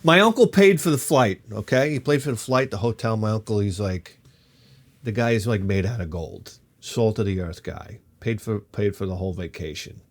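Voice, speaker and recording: A man in his fifties spins a loose, comic personal story for his vlog. He talks in an animated, offhand way, swears freely and keeps jumping between tangents. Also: on the low side, moderate pace. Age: 50s. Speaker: vlogger.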